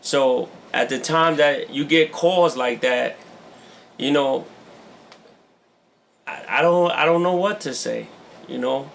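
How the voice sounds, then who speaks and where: Gravelly, earnest man, casual talk. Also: medium pitch, slow pace, long pauses, a bit bright, slight background noise. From New York. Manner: earnest, peppers talk with "man" and "you know". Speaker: podcast co-host. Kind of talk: casual chat.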